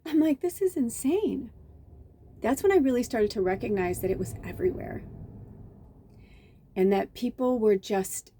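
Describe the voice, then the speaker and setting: A woman's voice: medium pitch, lively intonation, moderate pace, pauses often, mellow, a little hiss or hum. A middle-aged woman, a medium, telling chatty, rambling stories in a casual spiritual vlog, full of restarts and fillers. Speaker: medium and tarot reader.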